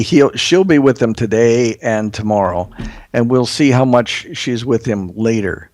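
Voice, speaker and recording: A man who is a guest author on a casual political talk show, telling stories with halting restarts. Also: medium pitch, dry recording. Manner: storytelling, lively, halting restarts.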